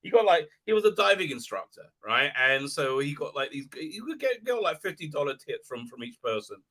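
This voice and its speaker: Middle-aged male livestream host, rambling casual chat, sharp tense tone, slightly high voice. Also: fairly quick. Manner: rambling, animated, with many restarts. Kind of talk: casual live-stream chat, reading viewer comments.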